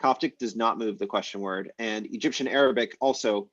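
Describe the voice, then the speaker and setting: A man's voice: on the low side, brisk, no echo, lo-fi sound. A man teaching an online language class, explaining grammar in a casual way with many fillers.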